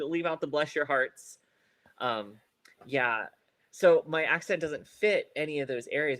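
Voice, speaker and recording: A man's voice: mid-range voice, fairly bright tone, no echo. A man co-hosting a podcast in casual chat. He rambles with many fillers and restarts, laughs often, and stutters now and then. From Ohio. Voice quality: occasional stutter. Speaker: podcast co-host.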